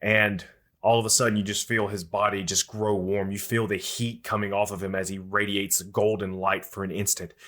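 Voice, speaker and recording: Deep-voiced man running a tabletop game. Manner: relaxed, descriptive, quick with questions. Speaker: game master.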